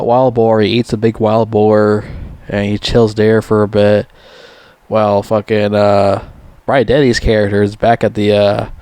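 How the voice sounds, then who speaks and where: A man's voice: a little mellow, no echo. Man, casual profane movie recap, rambling and loose, dry close sound. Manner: profane, rambling, laughs at own jokes; mimics characters in high squeaky voices. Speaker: movie reviewer.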